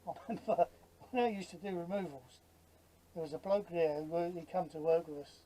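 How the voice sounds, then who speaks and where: Mellow-voiced Cockney man in his fifties. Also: on the high side, fairly quick, slight background noise, low-quality recording. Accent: London Cockney. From London. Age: 50s. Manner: blunt, jokey, swears freely. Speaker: RC model builder host. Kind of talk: casual workshop chat.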